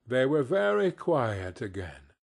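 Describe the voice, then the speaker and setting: A man reading a classic story aloud as an audiobook narrator, measured and expressive. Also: mid-range voice, vocal fry.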